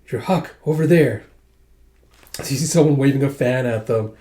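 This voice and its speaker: Young guy casually recapping a comic, mellow dark voice, echoey room. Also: medium pitch, moderate pace. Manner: casual, filler-laden retelling. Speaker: manga readthrough host. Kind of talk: casual readthrough narration.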